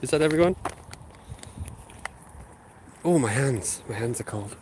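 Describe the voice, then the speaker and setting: A channel host chats quickly and expressively to his viewers, his medium-pitched voice a little mellow, with a little hiss or hum on the audio. He's sniffling with a sinus infection, saying um a lot while walking his dog through a housing estate and speaking into a handheld phone.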